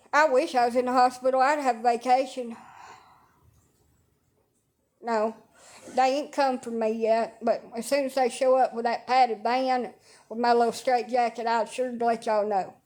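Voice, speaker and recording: With a darkish tone to her high-leaning voice, a woman livestreams from her bed at home. The talk is rambling and casual, full of blunt sarcasm and free swearing.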